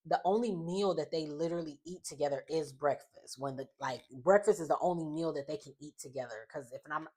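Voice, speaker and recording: A woman casually recapping a reality show, rambling with lots of fillers and frequent laughs. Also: low-pitched.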